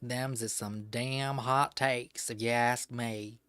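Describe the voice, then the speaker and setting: A man putting on an exaggerated American Southern accent to play a folksy, fed-up grumbler with a slow drawl. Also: medium pitch, fairly even intonation, a bit bright, smooth, no room sound. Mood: exasperated. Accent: put-on American Southern.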